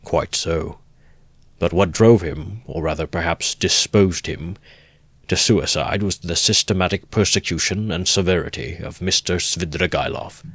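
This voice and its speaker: Self-important middle-aged gentleman, read by a male narrator, low voice, formal and wordy, dry close sound. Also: a little slow, slightly rough, no room sound, heavily acted. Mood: pompous. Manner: formal, long-winded, pompous.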